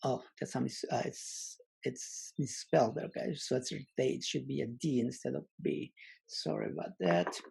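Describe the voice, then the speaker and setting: A man teaching a language lesson online, slowly repeating example words and pausing with many fillers. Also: medium pitch, lively intonation, gravelly, a little mellow, slightly rough.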